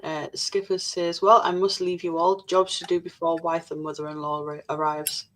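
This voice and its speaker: Low-voiced woman reading out chat. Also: level tone, moderate pace, crowd noise. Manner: reads comments aloud, blunt and sweary. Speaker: livestream co-host reading chat comments. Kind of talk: casual livestream chat.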